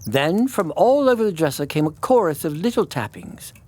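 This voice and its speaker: A man, a priest, reading a classic children's story aloud in an expressive, melodic way. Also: fairly high pitch, moderate pace. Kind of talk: storybook narration.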